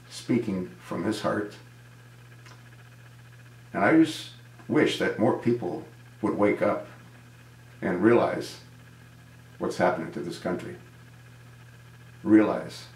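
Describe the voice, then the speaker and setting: A man's voice: fairly low pitch, takes it slowly, creaky, long pauses, a little mellow, reverberant, poor audio. A man giving an indignant political commentary monologue, answering a viewer and asking rhetorical questions. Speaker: video commentator.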